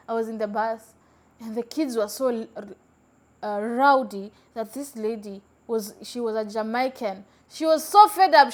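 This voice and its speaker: A young woman speaks with a slightly high voice in a relaxed podcast chat. She tells her stories with emphasis, repeating words and circling back mid-sentence. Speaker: podcast host. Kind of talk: casual storytelling chat.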